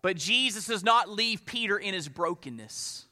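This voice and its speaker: A man preaching a sermon in a high, very bright voice. He presses points with lifted emphasis, then slows and sinks to hushed tones to let a line land. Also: expressive. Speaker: pastor.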